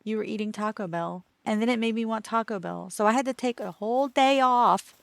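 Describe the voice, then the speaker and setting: A woman's voice: on the high side, fairly quick, gravelly, dry recording. A woman streaming as a VTuber, chatting casually and playfully with her viewers in a teasing, talkative way.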